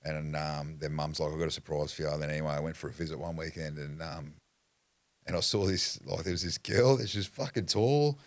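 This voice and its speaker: A man with an Australian accent and an extremely deep voice recounts his past in a blunt, rambling way, swearing freely. The sound is close and dry, with no room echo. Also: fairly quick. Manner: rambling, restarts sentences. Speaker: podcast guest. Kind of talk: candid personal storytelling.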